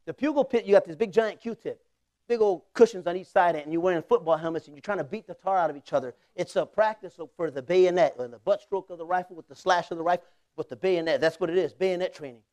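High-voiced joking pastor. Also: male voice, fast, dry recording. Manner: conversational and humorous, often laughing; swings between loud bursts and quiet asides. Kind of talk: storytelling sermon.

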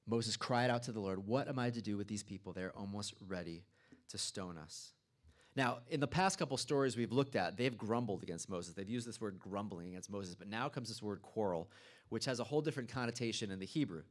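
Low-voiced male pastor preaching a sermon. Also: brisk. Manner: reads scripture then explains it conversationally, with asides. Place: church.

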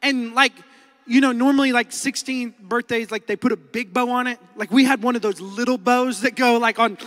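A man in his thirties with an Oklahoman accent, preaching a sermon as a lively storyteller who acts out quotes and laughs often. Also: very high voice, normal speed. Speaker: pastor. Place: large church hall. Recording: long hall reverb.

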